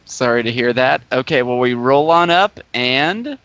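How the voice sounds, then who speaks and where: An eager, chatty man playing a tabletop role-playing game. His voice is bright and forward. The recording sounds a little muffled. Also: mid-range voice, animated, a little slow, smooth, no room sound. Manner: eager, chatty, talks in character plans. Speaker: player. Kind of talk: casual tabletop game play.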